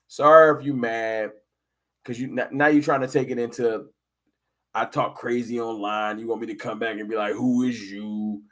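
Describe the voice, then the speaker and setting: A man hosting a casual fan live stream, talking football and arguing with chat viewers in an animated, combative way. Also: mid-range voice. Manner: animated, argumentative, addresses chat viewers directly.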